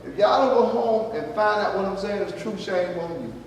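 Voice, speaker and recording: A male pastor preaches in a high voice, talking to the congregation in a folksy, conversational way and asking them questions. He is recorded from far off, and his voice rings through a big echoey church hall over a faint hum of the room. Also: moderate pace. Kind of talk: sermon.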